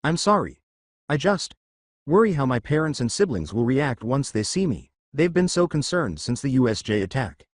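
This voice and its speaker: Casual: guy reading as a frog girl girlfriend, caring and calm, ribbits mid-sentence, lively up-and-down voice, dry close sound. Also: medium pitch, moderate pace, no room sound. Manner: says "ribbit" in her speech.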